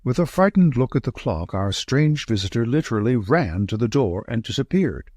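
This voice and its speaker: A male audiobook narrator with a husky, close voice that moves through a lively range. He tells the story in a measured, descriptive way. The sound is dry and close. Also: medium pitch, no echo.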